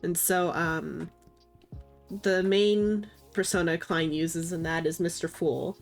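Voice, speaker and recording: A congested woman chats on a live stream, her voice sitting low and stuffy. She rambles through her thoughts with a steady stream of filler words. Soft music plays faintly behind her. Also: takes it slowly. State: congested, sniffling. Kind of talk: casual chat on a live stream. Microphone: desk microphone, mutes to sniffle.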